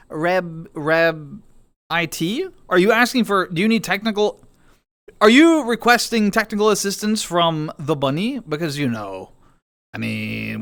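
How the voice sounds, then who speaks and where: A man's voice: sits high, big pitch swings, unhurried, vocal fry, fairly bright tone, no room sound. A tired man in casual live-stream chat, playfully greeting his viewers one by one and joking at his own expense. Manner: goofy, self-mocking. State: tired, lower energy. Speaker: livestreamer.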